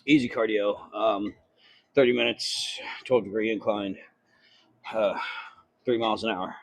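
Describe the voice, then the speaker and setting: On an incline treadmill at the gym, a fitness vlogger catches his breath and chats to a close-held phone. His fairly low voice has fairly even intonation and a measured pace, without echo, as he rambles, curses and jokes at his own expense.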